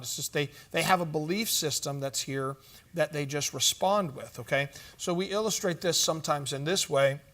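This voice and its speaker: At a church conference, a male speaker delivers a teaching, telling stories conversationally with fillers and asides. His voice is a little high with a fairly bright tone.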